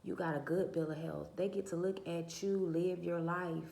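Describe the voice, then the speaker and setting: A soft-spoken woman talking to her viewers in a casual, preachy monologue full of rhetorical questions. Her voice is low and cracking. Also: steady tone, moderate pace, creaky, echoey room. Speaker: channel host. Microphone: phone or camera mic, her own mic uncharged.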